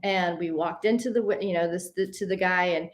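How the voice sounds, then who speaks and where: Lady telling a story, chatty and animated, says y'all a lot. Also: lowish voice, brisk. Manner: animated, addresses listeners as y'all. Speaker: host. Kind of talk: casual storytelling.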